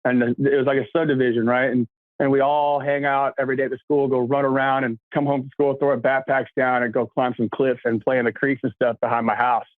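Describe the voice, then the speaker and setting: A man in his thirties from Kentucky, a guest telling energetic, rambling stories with laughs in a casual chat. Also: mid-range voice, fast, dry recording. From Kentucky, USA. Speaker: guest, actor. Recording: tinny phone-like line, dry.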